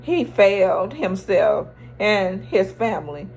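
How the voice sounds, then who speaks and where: A woman's voice: mid-range voice, sing-song, takes it slowly, gravelly, darkish tone, soft background music. A woman recapping a TV episode in chatty, slangy storytelling, acting out the characters' lines. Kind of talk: casual TV recap.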